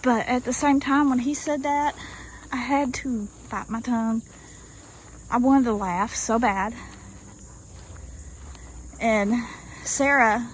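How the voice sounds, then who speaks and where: Play her as a woman telling a story slowly and folksily, with crickets faint in the background. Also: a little high, poor audio. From Arkansas. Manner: folksy, drawling, addresses listeners as y'all. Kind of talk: casual storytelling outdoors. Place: outdoors in rural woods. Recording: faint outdoor noise. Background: crickets and insects.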